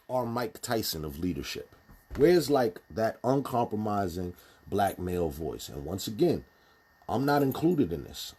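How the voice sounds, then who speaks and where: A man's voice: on the low side, mellow, breathy edge. A man giving a casual, blunt spoken commentary, emphatic and full of restarts. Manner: emphatic, many fillers and restarts, speaks bluntly.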